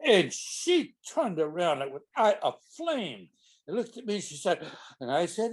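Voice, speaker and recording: A man's voice: high-pitched, very animated, unhurried, slightly rough. An older man, a stage actor, telling a rambling, amused backstage anecdote with frequent restarts. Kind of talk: casual anecdotal storytelling.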